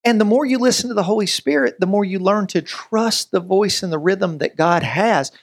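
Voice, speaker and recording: Guy pastor preaching casual, jokey and animated, does little bits. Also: high-pitched, normal speed, breathy edge. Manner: animated and joking, acts out everyday scenes. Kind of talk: conversational sermon.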